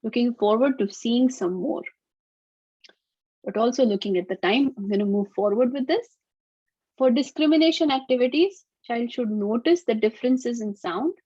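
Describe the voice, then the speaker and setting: A fairly high-voiced woman teaches a live webinar in an upbeat, explanatory way. The sound is dull and lo-fi, dry and close, as from a computer mic on a video call. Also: a little mellow, no echo. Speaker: webinar presenter on auditory skills.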